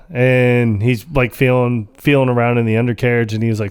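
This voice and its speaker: A man with an ordinary mid-pitched voice chats casually on a podcast. He recaps a film in a loose, rambling way. He strings it together with repeated "he was like.". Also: brisk, hardly any pauses, a little mellow, smooth. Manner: rambling retelling full of "he was like". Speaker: podcast co-host. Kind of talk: casual chat about a film.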